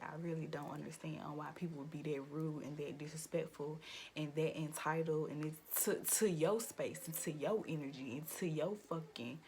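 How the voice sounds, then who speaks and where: A young woman vlogger telling a profane, animated story-time rant with lots of "like" fillers, jumping into high, loud quoted lines. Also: moderate pace, a little hiss or hum. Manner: acts out quotes in sudden high, loud bursts.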